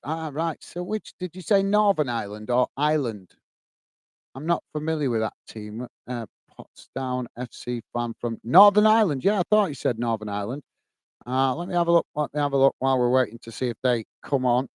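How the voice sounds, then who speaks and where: A man's voice: fairly high pitch, brisk, no echo. A man hosting a casual livestream, chatting to viewers, calling them mate, and reading out their comments. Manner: reads out chat comments. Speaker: livestream host.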